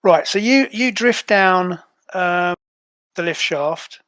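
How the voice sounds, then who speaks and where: A man narrating as game master in a relaxed way with many fillers. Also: sits high, slow, no echo.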